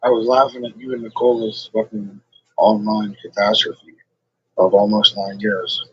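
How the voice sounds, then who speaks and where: A man's voice: lowish voice, level tone, normal speed, lo-fi sound, slight background noise. A man ranting to his livestream chat in a rambling, combative way, swearing constantly.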